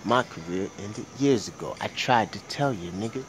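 Profane ranting young man, lively pitch. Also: moderate pace, slight background noise. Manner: profane, swings from mumbling to loud shouting. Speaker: vlogger. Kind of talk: casual ranting vlog.

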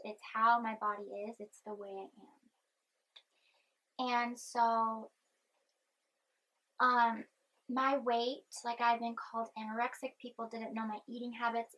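Soft-spoken young woman, husky and chatty. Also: a little high, rough recording. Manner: chatty, meandering, chewing gum. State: anxious. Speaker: vlogger. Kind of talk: rambling personal vlog.

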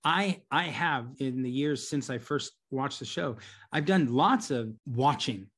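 A middle-aged man as an interview guest, answering at length and acting out quoted voices with lively energy. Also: medium pitch, unhurried, breathy edge. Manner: animated storyteller, acts out quoted voices. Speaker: guest, business coach.

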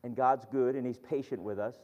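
A man preaches earnestly, reading scripture and building emphasis as he tells a story. His mid-pitched voice rings with a long reverb in a church hall. The recording is dull and lo-fi. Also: fairly even intonation, brisk, a little mellow. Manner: earnest, reads scripture aloud, tells stories with rising emphasis. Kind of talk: sermon.

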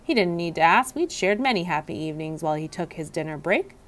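A woman reading a children's book aloud with expressive storytelling. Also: fairly low pitch, fast talker. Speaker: reader.

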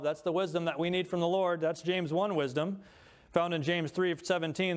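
A man's voice: fairly high pitch, moderate pace. A pastor preaching a sermon, reading scripture aloud and stressing each word when he lists things.

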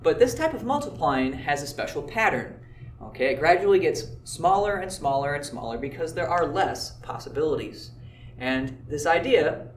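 A man's voice: a little high, echoey room, distant mic, a little hiss or hum. A man teaching a math lesson, explaining step by step in an easygoing way with occasional filler words. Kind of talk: classroom lecture video.

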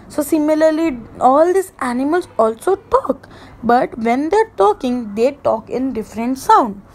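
A woman with an Indian English accent, teaching an online class to young children in a slow, sing-song way. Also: high voice, darkish tone, low-quality recording. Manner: slow, sing-song, mimics animal sounds for kids.

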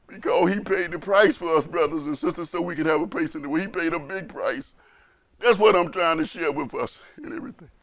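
High-voiced man preaching with emotion. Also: fairly quick, a bit bright, highs cut off. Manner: repeats phrases for emphasis. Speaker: imam. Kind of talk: sermon.

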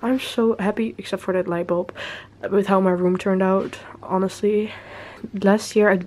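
A woman's voice: medium pitch, steady tone, moderate pace, darkish tone, slight background noise. A young woman talking casually to her camera as a vlogger, chatty and self-deprecating with frequent giggles. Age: young adult. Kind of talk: casual vlog chat.

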